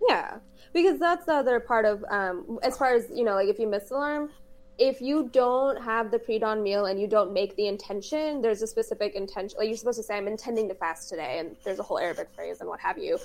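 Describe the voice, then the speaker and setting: A woman's voice: mid-range voice, brisk. Chatty woman podcast co-host. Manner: chatty, explanatory, laughs easily. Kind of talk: casual chat.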